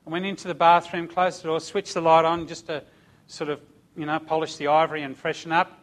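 A man's voice: fairly high pitch, level tone, brisk. Fervent man preaching. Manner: emphatic storytelling with calls of amen and hallelujah. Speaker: church speaker giving testimony. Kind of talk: sermon testimony.

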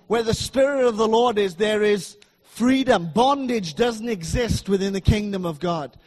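A middle-aged man preaching a sermon in a church, emphatic and repetitive, swinging between loud declarations and soft asides. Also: sits high, moderate pace.

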